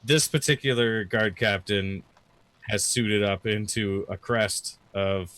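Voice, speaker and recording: Guy dming a tabletop game, lowish voice, rambly descriptions with lots of uhs. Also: steady tone, fairly bright tone, no room sound. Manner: loose, halting description with fillers. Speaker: dungeon master.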